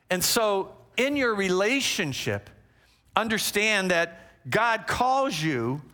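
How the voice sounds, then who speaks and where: Bright, high-voiced man telling stories. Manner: animated, conversational, frequent asides to audience. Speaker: relationship teacher. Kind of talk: teaching talk with storytelling.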